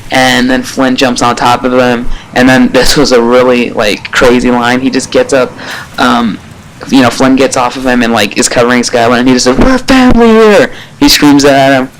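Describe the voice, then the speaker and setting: A man giving a casual spoken episode review, rambling and excitable, with lots of fillers and casual swearing. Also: medium pitch, normal speed, slight background noise, low-quality recording.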